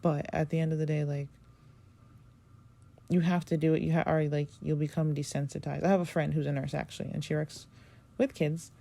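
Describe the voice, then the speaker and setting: A woman's voice: sits low, flat delivery, a little fast, gravelly, dark tone. A young adult woman hosting a podcast, talking in a rambling, gushing way with lots of filler words. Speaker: podcast host. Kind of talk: casual solo podcast review.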